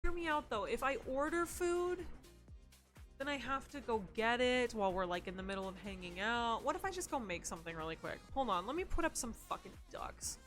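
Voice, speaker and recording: A young woman hosting a live stream, chatting casually with crude jokes and excitable outbursts. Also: on the high side, fairly quick, faint music behind. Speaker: livestream host.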